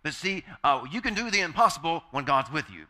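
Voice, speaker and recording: A male pastor delivers a sermon in a fairly high, sharp and forceful voice. He hammers home key phrases by repeating them and throws questions out to the congregation for them to answer. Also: very animated, fairly quick. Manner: addresses congregation directly with call-and-response questions.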